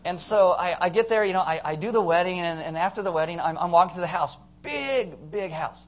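A male pastor giving a sermon to a congregation, telling stories in a joking, animated way and acting out voices. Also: sits high, fairly quick. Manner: joking, animated storyteller who acts out voices. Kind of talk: sermon with storytelling. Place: church before a live congregation.

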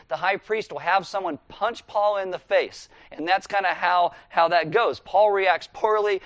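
A male pastor with a voice that sits high preaches a sermon in a relaxed, conversational manner, leading listeners through scripture verse by verse. The recording is dry.

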